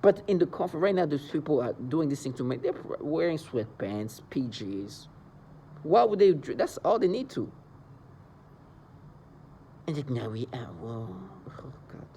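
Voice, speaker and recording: A man's voice: on the high side, very animated, measured pace, long pauses, warm tone, a little hiss or hum. A man delivering an agitated, rambling monologue into the camera, with mocking asides. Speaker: vlogger describing being targeted. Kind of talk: angry monologue.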